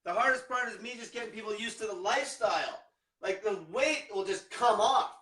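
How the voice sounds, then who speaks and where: A man's voice: high-pitched, fairly quick, pushed and bright, far from the mic. A man coaching viewers in a blunt, combative rant full of swearing. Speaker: diet coach. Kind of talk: profane motivational rant. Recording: echoey room, off-mic.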